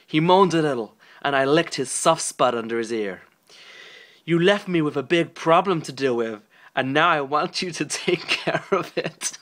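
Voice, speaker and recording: A man's voice: a little high, moderate pace, a bit bright, close to an everyday voice. A young man reading aloud in character as a lustful young Irish male pop singer, with a shaky put-on Irish accent and over-dramatic, stumbling delivery. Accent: put-on Irish, poorly done.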